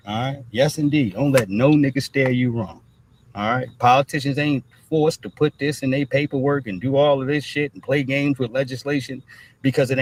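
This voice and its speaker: A man's voice: medium pitch, slight background noise, low-quality recording. A man hosting a livestream, talking in loose, profane commentary and repeating "all right" between nearly every thought. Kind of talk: casual rambling commentary.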